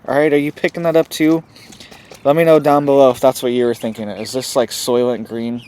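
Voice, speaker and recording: A man runs a homesteading channel and speaks urgently straight to the camera, frequently tacking "right?" onto his lines. His medium-pitched voice is brisk, warm, clear and resonant, with little pitch movement. He's recording casual commentary at home, with chickens nearby clucking in the background.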